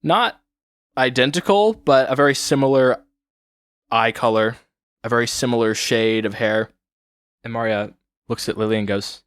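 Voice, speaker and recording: A man narrating a tabletop game as game master, in a relaxed storytelling way. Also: medium pitch, normal speed, pauses often, smooth, no room sound. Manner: relaxed and storytelling, with frequent fillers.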